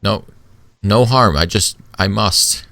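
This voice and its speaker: Man doing a cryptic ash woman, halting broken phrases, low voice, dry sound. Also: creaky, pushed and bright, no echo, full character voice.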